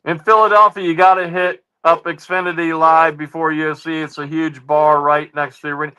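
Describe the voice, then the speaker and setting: A man hosting a livestream, ranting heatedly at his chat with constant swearing and repeated "ladies and gentlemen.". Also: a little high, flat delivery, brisk, hardly any pauses, clean tone. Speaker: livestream host reacting to chat. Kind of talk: profane livestream rant.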